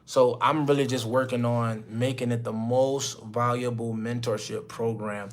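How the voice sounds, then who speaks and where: A young business mentor speaks at a measured pace in a level, medium-pitched voice while coaching his mentorship group on a call. His motivational talk is blunt and preachy, loaded with slang and swearing.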